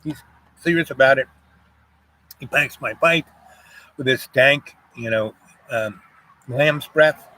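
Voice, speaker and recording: A man's voice: medium pitch, slow, long pauses, sharp tone. An older man from Jamaica telling a rambling personal story, full of "you know" and "um" fillers.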